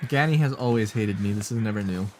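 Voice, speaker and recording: A man livestreams a survival game, chatting with his viewers and teasing them playfully, toying with whispers and silly voices. He talks fast in a fairly low, slightly mellow voice, with a little hiss or hum in the audio.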